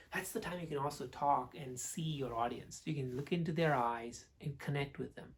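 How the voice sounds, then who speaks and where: A man teaching public speaking to camera, expressive, swinging between loud and hushed delivery. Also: a little high, recorded from a distance.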